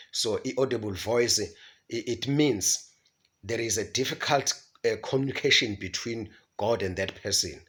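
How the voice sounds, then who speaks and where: Halting man preaching. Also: on the low side. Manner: halting, repeats syllables, mixes in English words. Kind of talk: Bible teaching talk.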